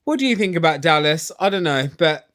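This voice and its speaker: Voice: medium pitch, expressive, brisk, fairly bright tone, no echo, clean studio sound. A vlogger ranting casually and sarcastically through a reality TV recap, opinionated and swearing.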